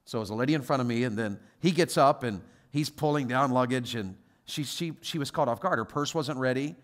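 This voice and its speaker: A man with a brisk, mid-range voice is the guest preacher here. Telling stories in quoted voices, he ranges from soft asides to forceful, loud exhortation.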